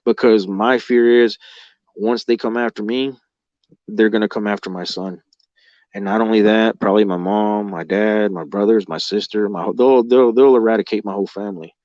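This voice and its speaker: Low-voiced man swearing through a story. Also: steady tone, moderate pace, darkish tone, no echo, lo-fi sound. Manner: heavy swearing, rambling, emotional, with lots of fillers like "like". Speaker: guest recounting experiences. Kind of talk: casual spoken storytelling.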